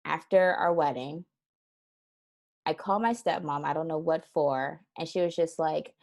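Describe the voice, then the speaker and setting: Brief: woman, low-pitched, chatty interview guest, laughs a lot, acts out quotes. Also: normal speed, pauses often. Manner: animated storyteller who acts out quoted voices; laughs often while talking. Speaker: guest, transformation strategist. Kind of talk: casual interview chat.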